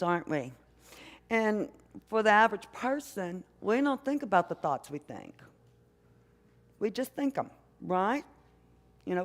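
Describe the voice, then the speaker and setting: An older woman, a mother and grandmother, preaching a sermon in a church with an unhurried, conversational manner, often asking the congregation questions. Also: mid-range voice. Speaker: minister. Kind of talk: sermon with storytelling. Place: church sanctuary. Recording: long hall reverb.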